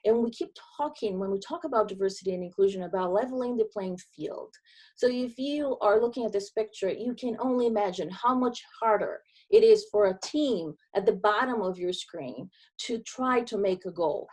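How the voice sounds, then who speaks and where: A woman with a Brazilian accent delivers a presentation as a consultant, earnest and emphatic. Her voice sits in a middle range with a warm, mellow tone. She pauses between phrases to stress her points. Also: medium pitch, slightly rough. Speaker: diversity and inclusion consultant. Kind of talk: presentation talk.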